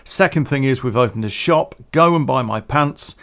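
A man's voice: mid-range voice, normal speed, creaky, a bit bright. A man hosting a solo podcast, rambling in casual chat, chuckling often and swearing freely. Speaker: podcast host.

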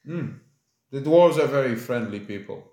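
A man's voice: mid-range voice, expressive, moderate pace, mellow, echoey room. A man narrating as game master of a tabletop game, rambling with many fillers.

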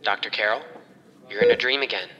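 A man's voice: on the low side, fairly quick, highs cut off, lightly acted. A man voicing an anxious man who pleads with a doctor and urgently repeats himself. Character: worried man pleading with a doctor, then waking someone.

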